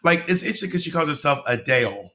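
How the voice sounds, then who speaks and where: A man's voice: on the high side, animated, racing, creaky, bright, forceful tone. An American man talking as an interview guest on a video call, chatty and joking, drifting off on tangents. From United States. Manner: chatty, jokey, goes off on tangents. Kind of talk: casual conversation over a video call.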